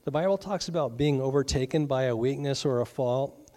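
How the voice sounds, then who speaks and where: A middle-aged man, a pastor, preaches a sermon in a middle pitch, easy and conversational, with joking asides. He briefly acts out the voices of those he quotes. His delivery is brisk and his voice a little mellow.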